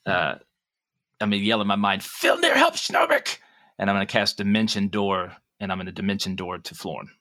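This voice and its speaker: Bright-voiced man playing a tabletop game. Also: deep voice, little pitch movement, quick pace, no echo. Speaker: player. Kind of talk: tabletop game play, casual.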